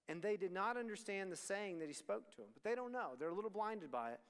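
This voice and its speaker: A man delivering a conversational sermon to students, his voice sitting high for a man. He acts out the dialogue of the people in the story as he goes. Long reverb from a large hall trails after his words. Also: lively intonation, fast, hardly any pauses, fairly bright tone. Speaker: student ministry speaker.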